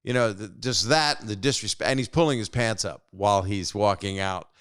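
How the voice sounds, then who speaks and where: A man's voice: on the low side, moderate pace, a bit bright, clear, resonant tone, no room sound, clean studio sound. A man in his sixties hosting a call-in show, telling rambling stories in a casual chat with callers. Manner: rambling, self-interrupting storyteller. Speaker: host.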